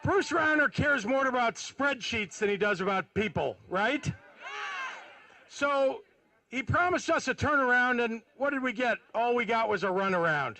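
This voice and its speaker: A man's voice: extremely high pitch, lively intonation, normal speed, sharp tone, poor audio. A man running for governor who gives a campaign rally speech outdoors, using punchy rhyming slogans and rousing questions to the crowd. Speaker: candidate for governor. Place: outdoor rally on capitol grounds.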